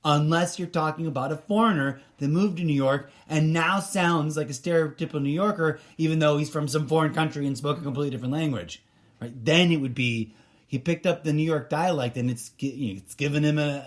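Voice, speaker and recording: A man's voice: a little high, a little fast. Rambling opinionated man podcasting solo. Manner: rambling, opinionated, many fillers and restarts. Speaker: podcast host. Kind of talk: casual solo podcast monologue.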